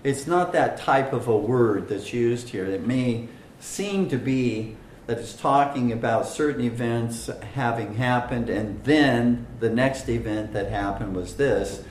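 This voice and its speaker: A man teaching a Bible study, slow and deliberate, with many fillers and stress on single words. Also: mid-range voice, reverberant, a little hiss or hum, low-quality recording.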